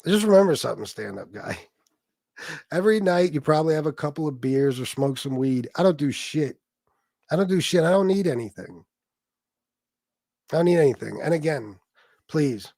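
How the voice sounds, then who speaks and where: A man's voice: fairly high pitch, sing-song, normal speed, vocal fry, pauses often, darkish tone, no room sound. Profane ranting man streamer, dry close sound. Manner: profane, heated, sarcastic ranting. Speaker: livestream host. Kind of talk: ranting livestream commentary.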